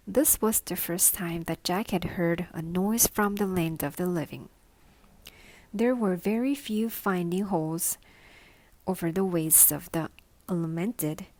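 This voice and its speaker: A woman, a native Korean speaker, reads a novel aloud as a bedtime story. Her delivery is slow, calm and careful, sometimes dropping to a whisper. The sound is close and dry. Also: lowish voice, dry recording. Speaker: storybook reader.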